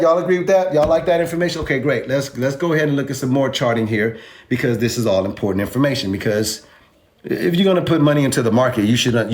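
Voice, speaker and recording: Man, casual trading lesson, emphatic, repeats key numbers, average pitch. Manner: emphatic, repeats numbers, asks the audience to agree. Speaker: crypto trading instructor. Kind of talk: informal chart walkthrough lesson.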